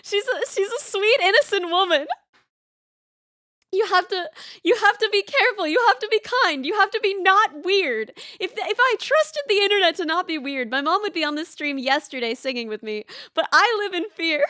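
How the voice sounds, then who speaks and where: A woman's voice: very high voice, lively intonation, normal speed, pushed and bright, no echo, clean studio sound. A young woman streaming from home, chatting casually and rambling through stories and chat replies, with lots of restarts and laughs. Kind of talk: casual chat reading live chat.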